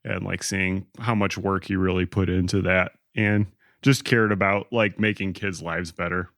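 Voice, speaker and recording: Podcast cohost guy, low and gravelly, chill and thoughtful, dry sound. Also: flat delivery, moderate pace, a bit bright, no echo. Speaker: podcast co-host. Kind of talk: casual podcast chat.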